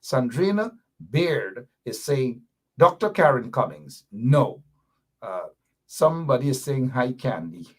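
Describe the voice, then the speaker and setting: A man's voice: medium pitch, big pitch swings, takes it slowly, breathy edge. A man hosting a live talk show, playfully teasing viewers as he reads their comments aloud.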